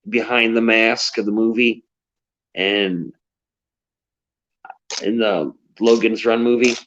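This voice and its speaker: Brief: male live-stream co-host over thirty, halting and unsure, muffled recording. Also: on the low side. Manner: hesitant, stammers and restarts. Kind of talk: casual live-stream chat. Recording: dull, lo-fi sound.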